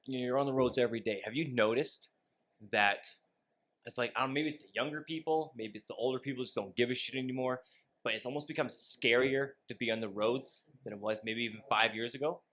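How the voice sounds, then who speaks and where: A man's voice: medium pitch, fairly quick, a bit bright. A man, co-hosting a podcast in rambling, joking, profane casual chat. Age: 20s. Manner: rambling, joking, swears freely. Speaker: podcast co-host.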